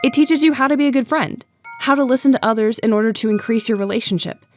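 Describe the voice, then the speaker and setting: Young woman, higher pitch, sincere and thoughtful narration with a joking edge. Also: fast, soft background music. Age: young adult. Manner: earnest and reflective, with playful asides. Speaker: YouTube video essayist. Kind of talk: scripted narration.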